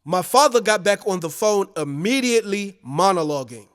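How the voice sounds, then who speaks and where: A man narrating his own audiobook in the first person, in an unhurried, conversational storytelling manner. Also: sits high, animated, a bit bright, smooth, big-room sound.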